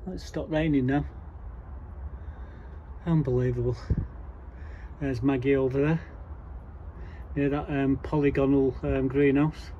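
A man's voice: mid-range voice, fairly even intonation, measured pace, pauses often, dark tone, dull audio. A man chatting casually to camera as he works his allotment garden, rambling along with dry, grumbling asides. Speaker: allotment vlogger. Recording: faint background noise outdoors. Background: faint outdoor ambience.

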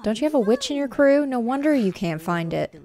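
A woman voicing a scornful, gruff male capybara trader from a game, reading his lines aloud. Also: fairly high pitch, lively intonation, brisk, darkish tone, voice pushed up. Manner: dismissive and scornful.

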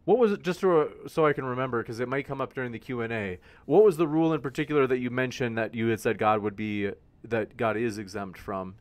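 A man's voice: mid-range voice, fast talker, few pauses. A man moderating a debate, cheerfully reading out audience questions. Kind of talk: moderating a live-streamed debate.

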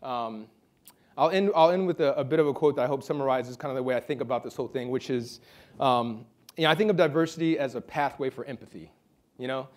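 A man's voice: mid-range voice, fast. A man giving an informal award acceptance speech, telling a story full of fillers and repeated words. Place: event hall.

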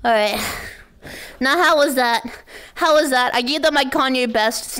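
A woman's voice: sits high, unhurried, pushed and bright, a little hiss or hum. A woman streamer chatting with her chat in a playful, over-the-top way, hyping herself up and joking around. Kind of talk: hyped livestream chat.

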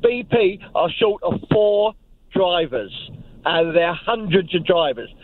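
A man's voice: high voice, lively intonation, a little slow, no echo. A man calling a radio phone-in, laying out a conspiratorial theory step by step. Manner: conspiratorial, reasoning it out. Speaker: caller. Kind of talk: phone-in call. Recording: tinny phone line with faint noise.

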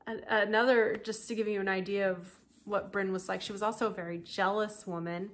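Chatty woman podcaster telling a true crime story, lots of asides and laughs, middle-pitched voice. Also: fairly even intonation, fairly quick, noisy background. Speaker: podcast host.

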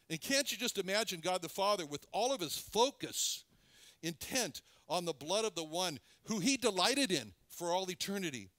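A man delivers a sermon in a somewhat higher voice. He speaks earnestly but haltingly, restarting phrases and repeating words as he lingers on them. The sound is dry and close, with no room echo. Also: a bit bright. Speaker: preacher.

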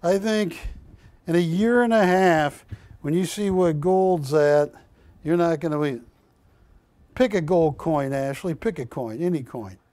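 A man hosting a live shopping channel, pitching coins in a folksy, joking, pushy sales manner. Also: a little slow, darkish tone, no echo.

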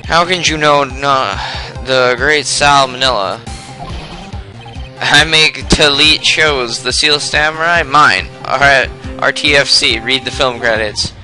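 Man voicing a nerdy game character, smug, internet slang, very bright voice, pitched up. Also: takes it slowly, soft background music. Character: nerdy adult male TV show creator, smug.

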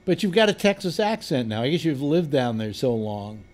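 A man hosting a casual panel chat, telling stories in a relaxed, rambling way with frequent restarts. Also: mid-range voice, moderate pace. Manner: chatty, storytelling, trailing restarts. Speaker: host.

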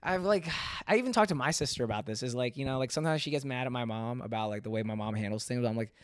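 A man's voice: mid-range voice, rapid-fire, clean tone, no room sound, studio quality. A young man hosting a casual podcast chat, loose and laughing, swearing freely. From United States. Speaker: podcast host.

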